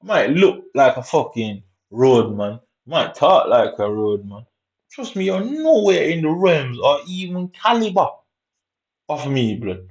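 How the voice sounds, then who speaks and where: A man's voice: a little high, sing-song, unhurried, lo-fi sound. A man with a Jamaican accent, ranting angrily over gameplay, swearing constantly and using street slang. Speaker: gamer.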